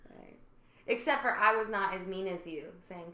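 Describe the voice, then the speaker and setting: A woman's voice: mid-range voice, moderate pace, pushed and bright. A woman co-hosting a podcast, telling stories in a chatty, casual way and laughing often. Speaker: podcast co-host. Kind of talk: casual chat. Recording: roomy echo.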